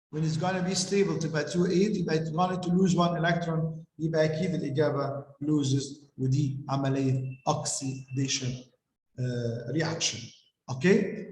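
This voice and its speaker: A man's voice: a little high, fairly quick. A man, teaching an exam revision lesson step by step and stopping to ask checking questions. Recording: echoey room with long reverb.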